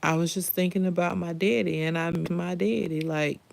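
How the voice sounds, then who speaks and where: A woman's voice: lowish voice, steady tone, moderate pace, creaky, darkish tone. A middle-aged woman hosting a live stream, chatting candidly and emotionally straight to her viewers. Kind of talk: casual live-stream chat.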